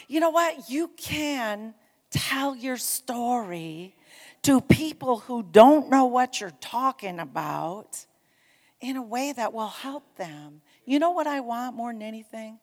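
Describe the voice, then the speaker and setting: A woman preaching a sermon, telling a story with animated emphasis and urging her congregation on. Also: fairly high pitch, slow pace, long reverb tail. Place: church sanctuary.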